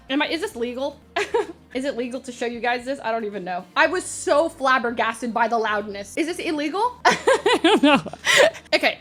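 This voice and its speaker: A young woman streamer telling a story in casual chat, animated, laughing often and loudly mimicking the people in it. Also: sits high.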